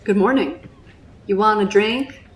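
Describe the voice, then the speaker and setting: A woman's voice: mid-range voice, slight background noise, close to an everyday voice. A woman doing a blunt village barkeep, odd accent. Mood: gossipy. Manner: quick, offhand, odd put-on accent. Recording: roomy echo.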